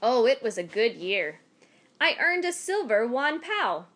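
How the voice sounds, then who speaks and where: A kindly old man speaks with soothing reassurance, as a woman storyteller puts him on. His words come slow and unhurried, in a gentle, lively lilt. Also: fairly high pitch, heavily acted.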